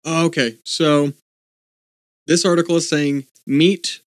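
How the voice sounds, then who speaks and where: A man with a mid-range voice co-hosts a casual podcast chat, speaking fairly quickly and thinking out loud while reading bits of articles aloud. There's no room sound on the recording.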